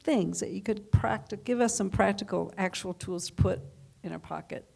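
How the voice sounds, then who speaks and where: A woman's voice: mid-range voice, moderate pace, creaky, darkish tone, husky. A woman hosting an interview, chatty and searching for her words as she frames a question. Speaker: interviewer and host. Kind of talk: conversational interview.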